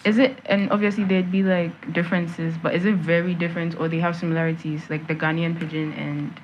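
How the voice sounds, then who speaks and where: A young woman hosting a casual interview podcast, asking playful, quick questions. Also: on the low side, level tone, a little hiss or hum. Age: young adult. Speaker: podcast host. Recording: slightly muffled podcast recording.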